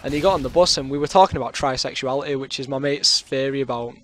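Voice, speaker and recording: A British man with a sore throat chats through a rambling anecdote over his game footage, stuffing his talk with fillers. His pitch sits in an ordinary middle range, and a faint hiss runs under the recording. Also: fast talker. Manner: rambling, chatty, full of fillers. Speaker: gaming commentator. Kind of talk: casual storytelling over gameplay.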